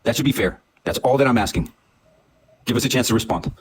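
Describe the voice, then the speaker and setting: A man's voice: medium pitch, fast talker, slightly rough. A man on a livestream call, defensive and pleading, stumbling over his words. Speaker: livestream guest. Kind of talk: heated livestream talk.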